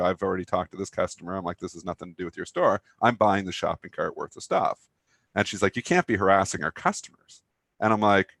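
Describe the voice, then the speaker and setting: Male co-host, low voice, chatty rambling anecdote, dry close mic. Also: creaky, fairly bright tone, no room sound. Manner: rambling storyteller, many fillers, laughs at own story. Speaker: co-host of a trading talk show. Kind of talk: casual anecdote chat.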